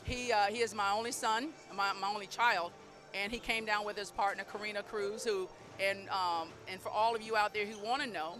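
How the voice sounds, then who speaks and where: A woman's voice: medium pitch, steady tone, fairly quick, music in the background. A middle-aged woman, a basketball coach, talking effusively and proudly in a postgame interview, often repeating herself. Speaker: women's basketball head coach.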